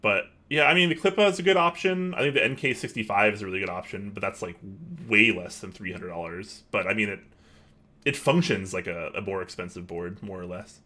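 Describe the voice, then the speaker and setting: A man's voice: lowish voice, a little fast, bright, forceful tone. A man co-hosting an online show, chatting casually and rambling with many fillers while reading viewer questions. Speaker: podcast co-host.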